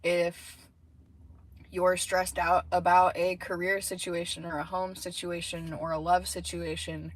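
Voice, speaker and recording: A woman's voice: fairly low pitch, flat delivery, a little slow, low-quality recording. A woman giving a casual, rambling tarot reading from inside a car, with many fillers and asides. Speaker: tarot reader. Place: in a parked car. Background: faint background noise.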